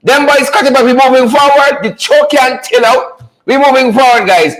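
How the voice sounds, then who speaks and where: A man's voice: extremely high pitch, moderate pace, a bit bright, rough recording. A man hosting a live online talk show, fired up, repeating catchphrases and greeting viewers by name.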